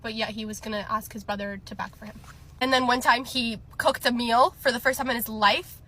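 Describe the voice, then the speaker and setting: Young woman, chatty storytime teller, laughs a lot, brightish higher voice. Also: steady tone, fairly quick. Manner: chatty, laughing often, many fillers. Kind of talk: casual storytime.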